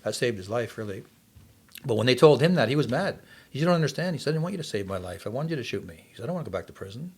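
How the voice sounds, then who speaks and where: A man's voice: medium pitch, lively intonation, very fast, slightly rough. A man in his sixties from Canada, earnestly telling his life story as a podcast guest. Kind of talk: testimony in casual interview.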